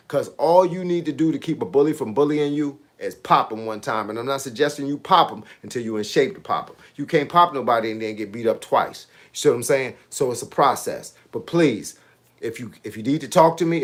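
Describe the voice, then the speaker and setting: A man in his late fifties, a boxing coach hosting a casual livestream, reading comments and giving animated, preachy advice in street slang. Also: mid-range voice. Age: 50s.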